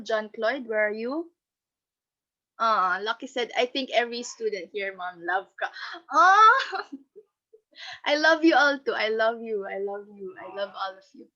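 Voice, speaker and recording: A Filipino woman teaching an online class, cheerful and animated, laughing often and mixing in Tagalog. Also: on the high side. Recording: dull lo-fi call audio.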